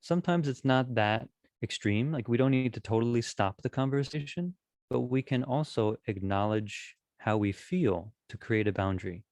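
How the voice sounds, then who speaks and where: A man teaching a Buddhist talk on communication, calm and gentle, with frequent restarts. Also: mid-range voice, moderate pace, no room sound. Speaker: dharma teacher.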